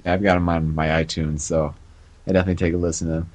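A man's voice: deep voice, flat delivery, very fast, darkish tone. A man hosting a podcast casually, chuckling often as he steers the talk. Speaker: podcast host. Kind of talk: casual chat.

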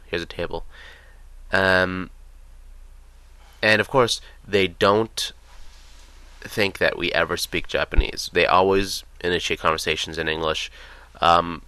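Deep-voiced young American man telling stories. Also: sharp tone, dry recording. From United States. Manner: chatty, rambling, with many fillers. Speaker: vlogger. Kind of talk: casual storytelling.

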